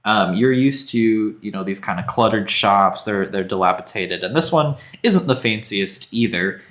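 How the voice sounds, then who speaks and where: A man runs a tabletop game as its narrator, speaking in a fairly low voice. He talks in a relaxed, joking way full of fillers, and the room adds a noticeable echo. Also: normal speed. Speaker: game master.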